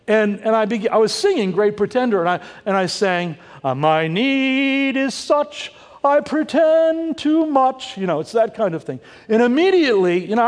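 An older man delivers a Sunday sermon in a high, light voice. He keeps it conversational, tossing in puns and questions for the congregation. His words ring out with a long reverb through the church hall. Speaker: pastor.

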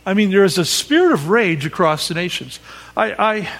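A man preaches to a crowded room, telling a story with quick asides and checks on his listeners. His voice sits high and swings widely in pitch. The sound rings with a long hall reverb. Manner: animated storytelling, asides to the audience, acts out quoted cries. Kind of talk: sermon with personal story. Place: large hall with audience.

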